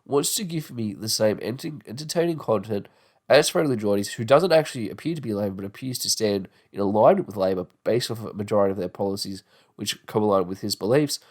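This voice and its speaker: A man's voice: on the low side, quick pace, darkish tone. A young Australian man in his twenties hosting a solo podcast, rambling and swearing freely as he talks. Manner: rambling, swears freely, mocking put-on voices. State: sore tongue and jaw. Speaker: podcast host. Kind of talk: casual podcast monologue.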